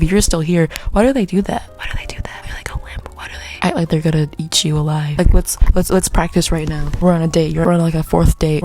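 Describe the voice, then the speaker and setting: Young woman rambling to her camera, giggly, goes off track constantly, soft music faintly behind. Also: lowish voice. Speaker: vlogger. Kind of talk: casual rambling vlog. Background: faint background music.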